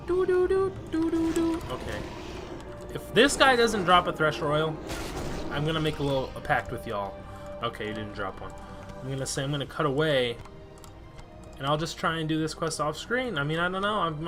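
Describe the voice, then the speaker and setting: A man's voice: on the high side, fairly quick, over music. A man chatting casually over his gameplay as a let's-play host, easily exasperated and swearing freely. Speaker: gaming video host.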